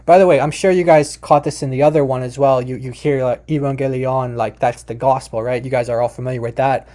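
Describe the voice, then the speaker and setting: A man's voice: medium pitch, fairly even intonation, fast talker, warm tone, faint music behind. A man hosting a video, explaining casually to viewers with many fillers and restarts. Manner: addresses viewers directly. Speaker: video host explaining a language.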